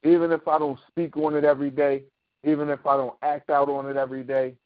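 A man's voice: on the high side, level tone, fast, dry recording. A man hosting a casual talk show, explaining his views emphatically and often asking "you know what I mean?". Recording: thin phone-like sound.

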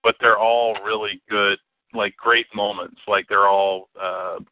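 A man talks loosely about movies, circling back and repeating himself as he hunts for the right words. His voice sits low and even. The sound is thin and tinny, like a phone line. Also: measured pace, no room sound. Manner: rambling, repeats words while searching for them. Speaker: podcast co-host. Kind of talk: casual film chat.

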